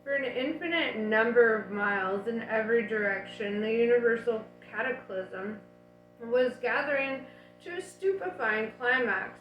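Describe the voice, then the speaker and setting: A woman reading a novel aloud in a casual, unhurried way, dropping in her own asides. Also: a little high, roomy sound, highs cut off, soft background music. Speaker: audiobook reader.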